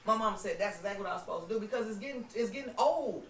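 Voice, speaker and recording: A woman podcast host telling a story in casual chat, animated and acting out what people said. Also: medium pitch, very fast. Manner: animated, acts out quoted lines, lots of "you know what I'm saying". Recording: roomy room, distant mic.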